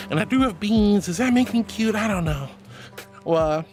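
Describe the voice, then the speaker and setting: A woman's voice: medium pitch, expressive, moderate pace, darkish tone, soft background music. A woman streamer chatting casually on a livestream, playful and theatrical, slipping into grand mock-solemn tones. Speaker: VTuber streamer.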